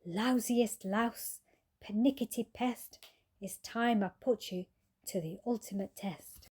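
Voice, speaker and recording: A woman's voice: on the high side, slow, a little mellow, breathy edge. A woman voicing an exasperated, itchy male cat who speaks in indignant, huffy outbursts in a read-aloud storybook. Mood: determined. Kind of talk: storybook character voice.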